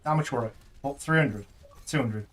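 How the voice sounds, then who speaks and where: This is casual gaming stream chat from a man whose medium-pitched voice sounds fairly bright and moves at normal speed. As a father, he playfully teases his daughter, joking and rambling as he plays.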